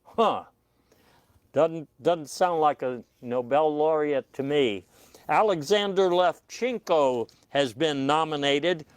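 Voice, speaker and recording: A man hosting a comic news panel with a dry, deadpan delivery and hesitant fillers. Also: on the high side, smooth, dry recording. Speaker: comedy news host.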